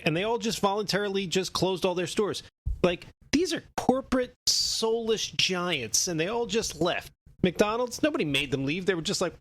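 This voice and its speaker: A man's voice: fairly high pitch, animated, brisk, fairly bright tone. A man co-hosting a casual podcast, rambling through a rant with many fillers. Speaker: podcast co-host. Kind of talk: casual chat.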